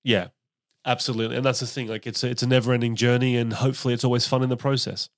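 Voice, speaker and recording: A man's voice: medium pitch, flat delivery, racing, dry recording. A man hosting a casual comedy podcast interview, talking animatedly and often breaking into impressions.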